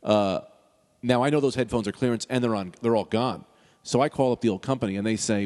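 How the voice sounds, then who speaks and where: A man's voice: on the low side, fast talker, big-room sound. A man co-hosting a casual podcast, telling rambling anecdotes to his friends. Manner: rambling storyteller, animated. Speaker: podcast co-host.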